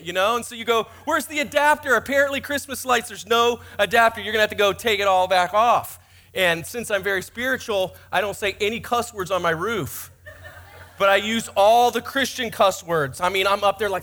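A man in his forties preaching a sermon in church, his voice pitched high and bright. He tells his stories with a joking, self-mocking edge. It has the easy, teasing tone of a pastor talking to his congregation. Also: brisk.

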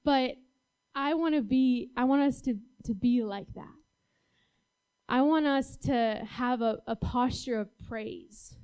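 A woman's voice: high-pitched, takes it slowly, a little mellow, clean tone. A young adult woman giving a casual, talk-style sermon as a youth speaker, chatty and full of "like"s, often laughing.

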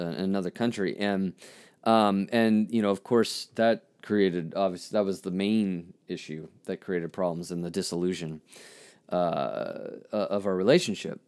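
A man telling a candid personal story as a podcast host, halting and reflective, often restarting his sentences. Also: lowish voice. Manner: frank, self-critical.

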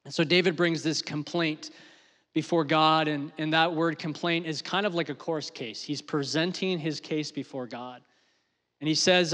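A middle-aged man preaches in a fairly high voice. His delivery climbs to loud, impassioned peaks and then falls back to hushed, gentle lines. A long reverb trails every phrase, as in a large sanctuary. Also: normal speed. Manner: rises to loud emotional peaks, then drops to soft. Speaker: pastor. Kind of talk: sermon.

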